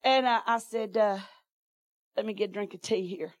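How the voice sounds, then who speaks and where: A woman's voice: mid-range voice, moderate pace, no echo, studio quality. A woman preacher, telling a folksy testimony in her sermon and laughing often.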